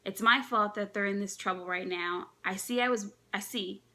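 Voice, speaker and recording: A woman reading aloud as an apologetic young bride-to-be, quiet and secretive. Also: mid-range voice, normal speed, close to an everyday voice.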